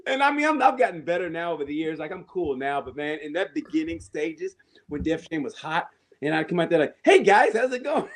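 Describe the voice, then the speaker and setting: Male stand-up comic, lively storyteller with a slightly raised voice, cursing and laughing through podcast chat. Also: on the high side, brisk. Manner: animated storyteller, laughs often, swears freely. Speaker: stand-up comedian, podcast guest.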